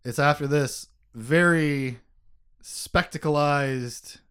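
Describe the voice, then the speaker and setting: A man hosting a casual book discussion podcast, animated, laughing often and swearing casually as he reads passages aloud. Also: fairly high pitch, very slow, clear, resonant tone. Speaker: podcast host.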